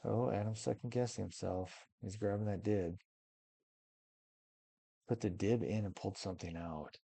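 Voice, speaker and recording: A man's voice: fairly low pitch, steady tone, normal speed, vocal fry, dark tone, husky, no echo. A man casually commentating a card game match, thinking aloud and weighing options. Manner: musing, thinks aloud with many maybes. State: yawning, tired.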